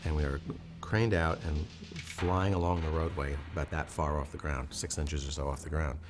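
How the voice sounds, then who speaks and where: A man, a filmmaker in a documentary interview, giving a measured and detailed technical explanation of how a shot was done, with many "uh" fillers. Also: a bass voice, little pitch movement, music in the background.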